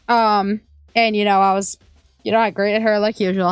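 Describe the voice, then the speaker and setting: A woman's voice: mid-range voice, little pitch movement, normal speed, clean tone, dry recording. A young woman casually telling a work story, chatty, with many ums and little laughs. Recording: dry close sound, faint music behind.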